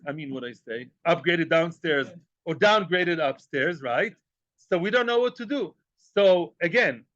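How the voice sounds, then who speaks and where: Recorded dry and muffled, a man with a high, pushed, bright voice leads a Talmud class. He cracks jokes along the way, asks rhetorical questions, repeats phrases, and drops in Hebrew and Aramaic terms.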